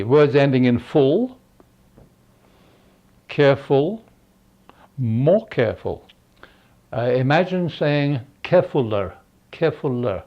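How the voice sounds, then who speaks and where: Slow, halting older man teaching. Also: mid-range voice. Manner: slow, halting explanation with many fillers. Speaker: English spelling teacher. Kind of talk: unscripted lesson. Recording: dull lo-fi recording.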